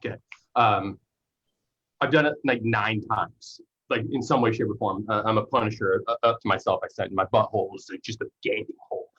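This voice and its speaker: A man's voice: lowish voice, fairly even intonation, a little fast, fairly bright tone, slightly rough, dull audio. A man hosting a podcast and asking rambling, chatty questions. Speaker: podcast host. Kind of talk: casual interview chat.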